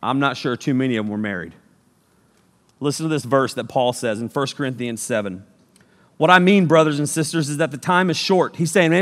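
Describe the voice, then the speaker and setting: A man preaching a sermon, energetic and jokey, swinging between loud bursts and hushed passages. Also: on the high side. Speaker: youth pastor. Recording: long reverb of a large hall.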